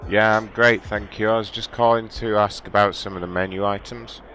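Deadpan low-voiced prank caller. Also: male voice, fairly quick, faint music behind. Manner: deadpan, absurd questions.

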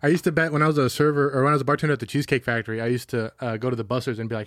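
A man's voice: mid-range voice, little pitch movement, very fast, few pauses, a bit bright, no echo, clean studio sound. A man in casual podcast chat, rowdy and jokey, swearing a lot.

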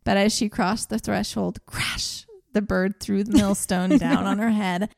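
A woman's voice: medium pitch, steady tone, a little slow, gravelly, no echo, clean studio sound. A woman co-hosting a podcast, reading a fairy tale aloud and acting out the characters' lines. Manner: reads the story aloud with brief acted quotes and frequent laughter. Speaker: podcast co-host.

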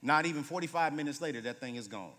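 A man in his late thirties, a guest preacher telling humorous stories in a sermon, moving between loud bursts and hushed moments. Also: a little high, expressive, quick pace, slight background noise. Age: 30s. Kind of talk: sermon with storytelling. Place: church sanctuary. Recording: reverberant church hall.

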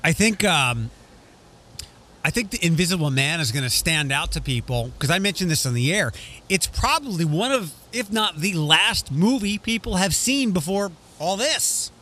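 A man's voice: high voice, big pitch swings, moderate pace, bright, forceful tone, a little hiss or hum. A man hosting a casual podcast chat, rambling with frequent restarts. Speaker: radio host.

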